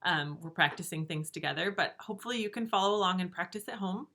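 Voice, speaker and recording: A woman teaching first graders a recorded lesson from her empty classroom, speaking slowly, patiently and encouragingly to small children. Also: lowish voice, pushed and bright. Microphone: camera.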